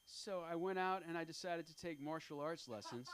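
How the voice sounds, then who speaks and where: A man in his fifties works through a stand-up set on a comedy club stage, speaking into a handheld mic. His voice sits a little high for a man. He rambles and runs himself down, stopping and restarting with plenty of ums and uhs. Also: background noise. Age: 50s. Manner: rambling, self-deprecating, halting with fillers.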